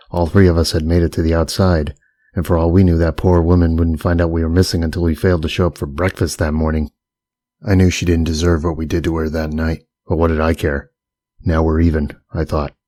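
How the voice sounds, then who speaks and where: A man reads a first-person novel aloud at a steady, even pace. His voice is very low and holds a flat line. The booth sound is dry with no room. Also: dry recording. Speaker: audiobook narrator. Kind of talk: first-person audiobook narration.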